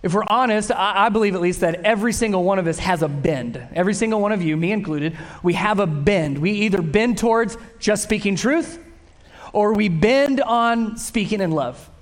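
High-voiced man preaching with animation. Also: normal speed. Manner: animated, acts out quoted lines, invites the crowd to repeat. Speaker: pastor. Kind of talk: sermon.

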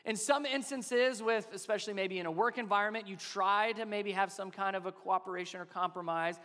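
A male pastor in his thirties delivers a sermon in a fairly high voice, keeping it conversational and full of rhetorical questions. His words ring out with the long reverb of a large church hall. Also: fairly even intonation, brisk, bright, forceful tone.

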